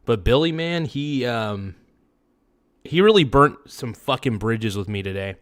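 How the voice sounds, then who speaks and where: A man's voice: mid-range voice, animated, a little slow. Heated man ranting on a live stream. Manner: heated, profane, repeats himself, swings between muttering and outbursts. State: upset. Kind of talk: angry live-stream rant.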